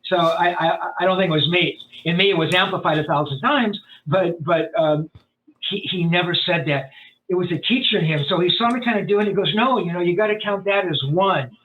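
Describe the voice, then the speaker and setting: Man, podcast guest, rambling storyteller, slightly high voice, tinny phone-line sound. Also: a little fast, a little hiss or hum. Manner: rambling, animated, many fillers and restarts. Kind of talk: storytelling in a casual interview.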